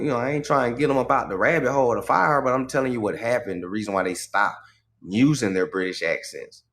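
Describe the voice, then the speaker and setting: A man holds forth on a casual livestream in a middle-pitched voice. He talks in an animated, profane way and keeps checking in with his listeners by asking "right?" as he goes. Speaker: livestream host.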